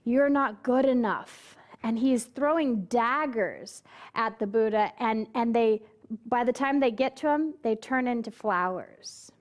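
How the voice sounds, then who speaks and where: A woman minister with a somewhat high voice preaches slowly. Her sermon tells a story with quoted voices acted out, and she puts questions straight to the congregation.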